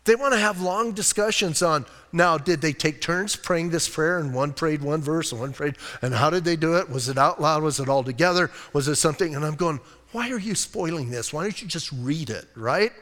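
A man's voice: on the high side, brisk, few pauses, fairly bright tone, in a large hall. A man preaching a sermon as pastor, casual and conversational, leaning hard on key points. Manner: conversational, keeps saying "listen, man"; emphatic, rises on key points.

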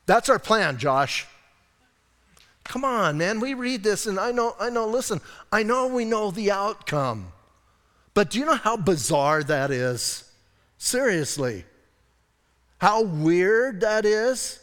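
A man's voice: high-pitched, very animated, slow, a bit bright. A middle-aged man, a pastor, giving a casual, chatty sermon and talking to listeners directly. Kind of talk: conversational sermon. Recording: church hall reverb.

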